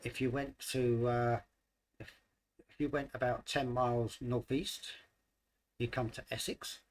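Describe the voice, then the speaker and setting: A man's voice: mid-range voice, flat delivery, a little slow, poor audio. A talkative man with a mixed British accent, chatting casually on a live stream. He laughs easily and trails off mid-thought before picking the sentence back up. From United Kingdom. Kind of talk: casual chat.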